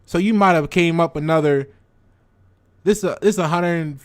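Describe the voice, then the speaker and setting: A man's voice: fairly high pitch, moderate pace, dry recording. Casual man talking stocks to viewers. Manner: conversational, repeats words, addresses viewers directly. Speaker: stock trading channel host. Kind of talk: casual explanatory chat to viewers.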